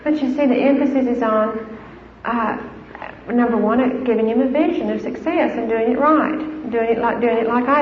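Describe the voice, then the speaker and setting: A woman's voice: fairly high pitch, moderate pace. A middle-aged woman giving a conversational talk on Christian parenting to a live audience, with fillers and restarts. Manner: conversational, warm-hearted, frequent fillers and restarts. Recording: echoey hall, dull lo-fi sound with faint noise.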